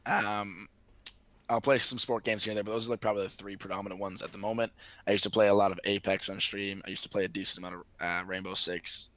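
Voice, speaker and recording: A man's voice: lowish voice, steady tone, fast talker, a bit bright, no room sound. A young man from the Boston area with no regional accent, talking casually and self-deprecatingly as an interview guest. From Boston area, United States. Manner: chatty, loose and self-deprecating, many fillers. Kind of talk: casual conversation.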